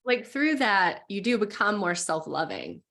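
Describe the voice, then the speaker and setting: A woman's voice: medium pitch, big pitch swings, unhurried, bright, forceful tone. A woman guest who teaches spiritual practice, explaining earnestly and encouragingly and voicing inner thoughts as quotes. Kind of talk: explanatory conversation.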